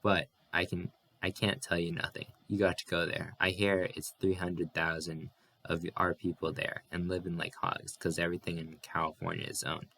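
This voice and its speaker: Brief: a blunt, bitter, worn-out migrant man, read by a man, deep and drawling. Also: flat delivery, normal speed, creaky, pushed and bright, exaggerated voice. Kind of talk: audiobook character reading.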